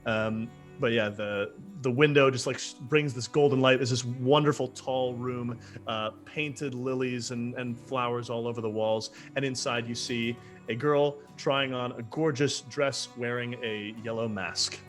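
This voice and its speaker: Man, game master, mid pitch, relaxed rambling narration, faint music underneath. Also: a little slow, hardly any pauses.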